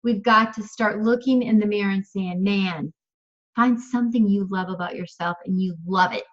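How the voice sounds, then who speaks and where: A woman's voice: medium pitch, moderate pace, dull audio. A woman in her fifties giving an emphatic motivational coaching talk on a video call, repeating phrases and laughing often. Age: 50s.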